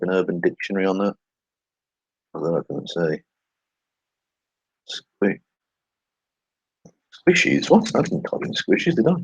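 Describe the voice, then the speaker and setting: A man's voice: low-pitched, darkish tone, slightly rough, no room sound, rough recording. A man hosting a casual commentary video, reading tweets aloud with sarcastic, swearing asides and muttered remarks. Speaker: channel host.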